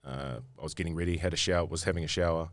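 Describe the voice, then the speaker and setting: Low-voiced New Zealand man telling stories. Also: fairly even intonation, very fast, no room sound. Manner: rambling, many fillers and restarts. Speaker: guest rugby player. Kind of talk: casual podcast storytelling.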